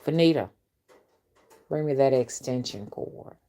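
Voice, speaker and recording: A woman voicing a stern mother with a squeaky voice who shouts orders at a child. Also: lively intonation, unhurried. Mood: scolding.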